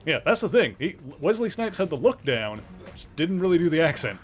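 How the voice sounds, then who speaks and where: A man's voice: fairly high pitch, big pitch swings, fairly quick, soft background music. A man with a mild Canadian accent, chatting casually while streaming a game, rambling with lots of fillers and restarts. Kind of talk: casual chat while gaming.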